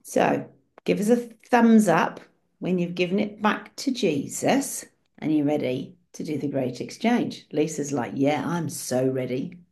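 A woman's voice: on the low side, expressive, unhurried, a little mellow. A woman leading an online prayer session on a video call, speaking in an encouraging, storytelling way. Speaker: prayer group leader.

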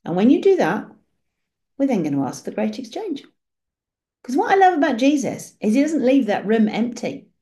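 A woman's voice: on the high side, sing-song, normal speed, mellow. A woman leading an online prayer session on a video call, speaking in an encouraging, storytelling way. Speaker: prayer group leader.

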